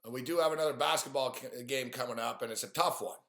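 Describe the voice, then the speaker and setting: A man's voice: mid-range voice, quick pace, gravelly, a bit bright. Profane ranting man in an echoey room. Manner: profane, frustrated ranting about games and bets. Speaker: sports betting streamer. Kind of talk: live stream rant.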